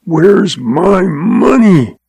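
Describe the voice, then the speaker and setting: Man doing a snarly greedy old-west banker, gravelly. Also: medium pitch, moderate pace, warm tone, no room sound, natural voice. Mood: snarling. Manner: snarling, rasping. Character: greedy fat male banker, snarling and suspicious.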